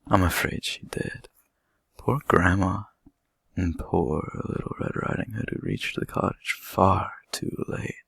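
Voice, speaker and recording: Male storyteller, bedtime story read-aloud; low, gravelly, husky delivery, gentle and expressive. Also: slow, no echo.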